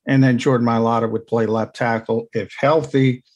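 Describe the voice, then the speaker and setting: A man of medium pitch talks through football in a relaxed podcast chat. He is an insider who explains each point in chatty runs, with quick asides along the way. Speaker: team insider analyst. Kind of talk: casual podcast analysis.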